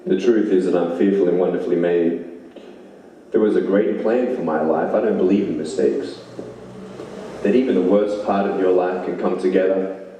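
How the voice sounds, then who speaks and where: A man's voice: low voice, dark tone, a little hiss or hum. A man giving an inspirational speech, emphatic, repeating lines for effect. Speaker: motivational speaker. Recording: very echoey hall, mic far off.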